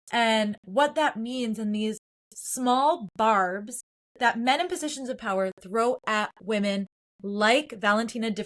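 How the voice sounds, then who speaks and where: Earnest woman hosting a film podcast. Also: on the high side. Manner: earnest, opinionated, builds points in lists. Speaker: podcast host. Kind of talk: solo film commentary podcast.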